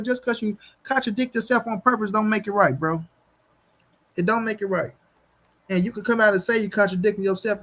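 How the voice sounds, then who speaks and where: High-voiced man ranting to viewers. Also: fairly bright tone. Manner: blunt, profane, talks straight to viewers; repeats his points for emphasis. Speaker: boxing channel host. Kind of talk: livestream commentary rant.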